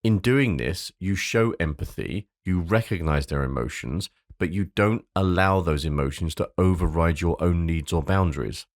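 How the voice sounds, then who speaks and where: A man's voice: low-pitched, moderate pace, few pauses, no echo, clean studio sound. A man hosting a podcast, reading an earnest script with loose, sweary asides. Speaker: podcast host.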